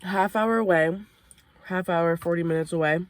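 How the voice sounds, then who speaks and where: A woman's voice: on the low side, normal speed, dry recording. Chatty young woman eating in a car. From Maine. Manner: chatty, swears casually, laughs between bites. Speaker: vlogger. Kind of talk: casual storytelling while eating. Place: inside a parked car.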